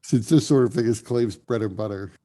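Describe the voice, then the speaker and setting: A man's voice: lowish voice, brisk, warm tone. A man narrating as game master in a casual, descriptive way, with frequent fillers.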